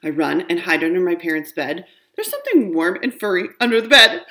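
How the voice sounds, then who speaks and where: A woman reading a children's storybook aloud, with a lower voice that swoops up and down expressively. Her delivery is animated and playful. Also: fairly quick. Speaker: reader.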